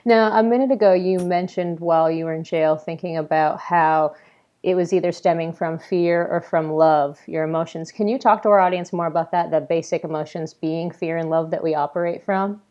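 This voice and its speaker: A woman hosting an online interview, encouraging her guest with soft affirmations and questions. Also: on the low side, steady tone, fairly quick, lo-fi sound. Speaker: interview host.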